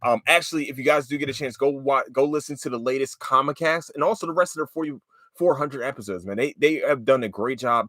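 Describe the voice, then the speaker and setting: A man's voice: mid-range voice, fast talker, a bit bright, no echo, clean studio sound. Rambling, profane male podcast host. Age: late 20s to 30s. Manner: rambling and profane, with lots of fillers and loose tangents. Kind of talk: casual solo podcast chat.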